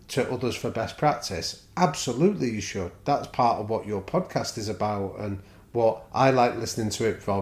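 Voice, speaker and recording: A man with a mid-pitched voice, recorded in a room with noticeable echo, appears as a guest on a podcast about culture and leadership. He tells stories with lots of energy, acting out the exchanges he quotes.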